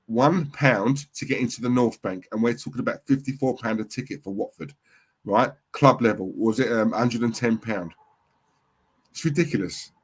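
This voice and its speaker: Animated football watchalong host. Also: male voice, mid-range voice, normal speed, husky. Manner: animated, reacts loudly to goals and reads chat. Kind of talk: live football watchalong commentary.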